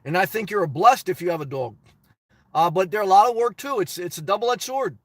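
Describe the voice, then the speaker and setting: A man's voice: sits high, expressive, fairly quick, fairly bright tone, no room sound. A man casually reading viewer comments and answering them bluntly, rambling with restarts. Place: lives in his car.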